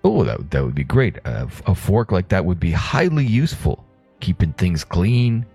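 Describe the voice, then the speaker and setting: An earnest, slightly odd adventurer, as a man puts him on, with a very deep, dark voice full of gravel and husk. He stammers and rambles as he pleads his case. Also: sing-song, normal speed, dry recording, faint music behind, full character voice.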